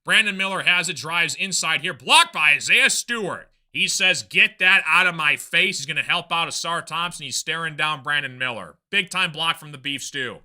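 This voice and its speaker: A man streaming live play-by-play basketball commentary, calling the game in rapid runs of plays with casual chatty asides to his viewers. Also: a little high, bright, forceful tone.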